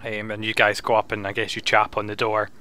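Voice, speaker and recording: A man's voice: lowish voice, monotone, a little fast, sharp tone, clean tone, no room sound. A man running a tabletop game as dungeon master, loose and swearing as he reads through the adventure aloud.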